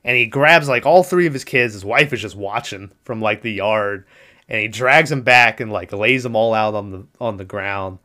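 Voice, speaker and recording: A young man casually retelling a movie plot on a podcast, animated and swearing freely, acting out the lines. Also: fairly low pitch, normal speed. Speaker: podcast host recapping a movie. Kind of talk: casual chat.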